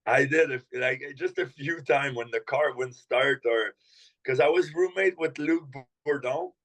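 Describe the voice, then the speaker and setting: Relaxed man telling hockey stories. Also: mid-range voice, measured pace, rough recording. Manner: relaxed storyteller, many fillers like "like". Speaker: hockey skills coach. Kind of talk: casual podcast chat.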